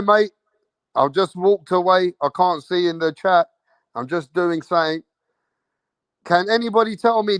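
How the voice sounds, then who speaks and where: A man's voice: high-pitched, fairly bright tone, no echo. A man hosting a casual live boxing stream, brash, profane and taunting as he talks to his chat, repeating phrases and tacking "bro" onto his lines. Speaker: boxing livestream host.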